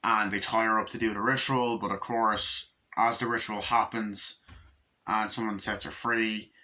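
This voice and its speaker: A man's voice: on the low side, steady tone, moderate pace, pushed and bright, poor audio. A man recapping a movie in a rambling, profane way, full of fillers and restarts. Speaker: movie reviewer.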